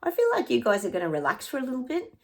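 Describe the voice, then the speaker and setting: A woman's voice: fairly high pitch, huge pitch swings, very fast, a little mellow. A woman psychic chatting through her predictions in a rambling, casual way, sometimes dropping to a near-whisper.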